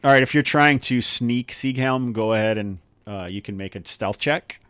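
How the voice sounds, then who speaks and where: A man running a tabletop game as game master, talking in a relaxed, rambling way with many fillers. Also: mid-range voice, normal speed, noisy background.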